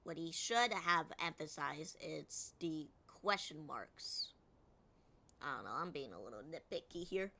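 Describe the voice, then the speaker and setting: A woman's voice: low voice, lively intonation, measured pace, vocal fry, pushed and bright. A woman streamer commenting on a game, chatty and acting out lines herself. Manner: chatty, critiques and re-reads lines.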